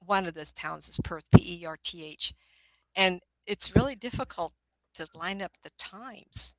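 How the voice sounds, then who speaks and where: An older woman doing psychic readings in a relaxed, chatty way, motherly and calling people honey. Her voice is gravelly with a bright, sharp edge. The sound is close and dry. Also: lowish voice, measured pace, dry recording, low-quality recording. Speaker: psychic medium. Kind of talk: casual live-stream reading.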